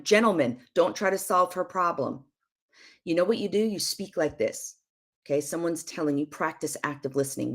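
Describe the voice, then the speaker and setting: A middle-aged woman giving emphatic, preachy marriage advice on a live stream, with soft asides now and then. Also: low voice. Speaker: prophetess and show guest.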